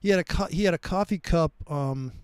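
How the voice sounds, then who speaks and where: High-voiced swearing storyteller man. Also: brisk, smooth, no room sound. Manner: animated storyteller, swears freely. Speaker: trading stream host. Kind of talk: casual chat.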